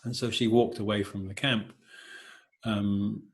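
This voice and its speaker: A middle-aged man giving a gentle, halting meditation talk, full of hesitations and filler words. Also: on the low side, little pitch movement. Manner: gentle, hesitant, many "you know" fillers. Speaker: meditation teacher.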